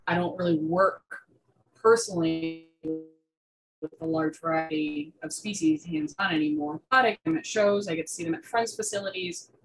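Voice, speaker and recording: A woman's voice: sits low, normal speed, over music, rough recording. Young woman gushing about reptiles. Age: young adult. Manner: chatty, full of fillers and restarts. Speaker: guest artist. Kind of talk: casual interview chat.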